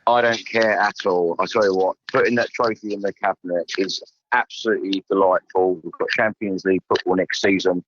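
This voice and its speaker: Croaky man, very low voice, exhilarated fan guest, muffled line. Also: fairly even intonation, fairly quick, fairly bright tone. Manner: enthusiastic, emphatic. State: croaky voice, no sleep. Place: airport.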